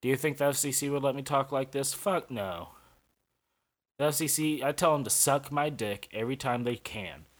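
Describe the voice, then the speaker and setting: Young st guy ranting on his podcast, swears a lot, sarcastic, mid pitch. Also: moderate pace. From St. Louis, USA. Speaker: podcast host. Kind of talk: profane podcast monologue.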